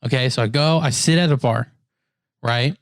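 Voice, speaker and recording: A man co-hosting a podcast, trading stories in loose, casual chat. His pitch sits in the middle of the range. He acts out the people he quotes with lively, animated delivery, and the sound is dry and close to the mic. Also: moderate pace, dry recording. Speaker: podcast co-host.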